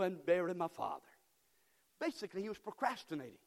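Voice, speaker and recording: A male pastor preaching a sermon in a church, fervent and building to repeated shouts. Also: sits high, very animated, fast, pauses often. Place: church sanctuary. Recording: long hall reverb in a church.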